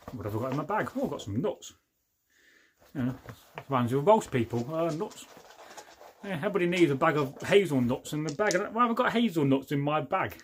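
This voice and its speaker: With slight background noise behind him, a middle-aged man from England hosts a casual livestream, reading viewer comments, joking, rambling off on asides and laughing a lot. His voice is a little high and a bit bright, at a moderate pace.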